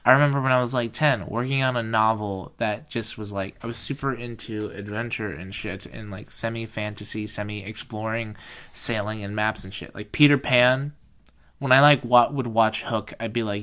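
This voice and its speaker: A young man chatting on a podcast in a loose, rambling way, with a bright, crisp-edged tone. He pads every sentence with filler and curses freely. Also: lowish voice, steady tone, normal speed. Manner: rambling, heavy filler words and swearing. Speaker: podcast host. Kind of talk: casual chat.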